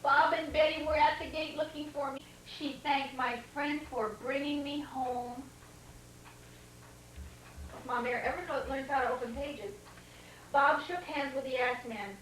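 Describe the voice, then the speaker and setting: A woman's voice: sits high, steady tone, measured pace, fairly bright tone, slight background noise. An older woman reads a storybook aloud to a small child, stopping to comment and ask him questions. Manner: breaks off to comment and quiz the child. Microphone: camcorder mic across the room. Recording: old VHS home video, roomy and distant.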